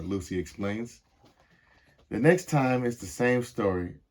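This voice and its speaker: A young man reading a picture book aloud to children in a measured, expressive way. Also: medium pitch. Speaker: storybook reader.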